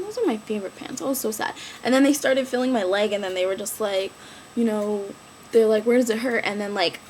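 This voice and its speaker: A woman's voice: on the high side, slight background noise. A young woman on crutches telling the story of an accident in a casual vlog, chatty and full of fillers. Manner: chatty, filler-heavy, animated retelling. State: injured, on crutches. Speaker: vlogger.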